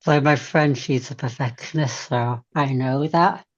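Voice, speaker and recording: A woman chatting in a group video call, lively when she acts out what she says to others. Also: a bass voice, a little slow, dull audio. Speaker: group participant.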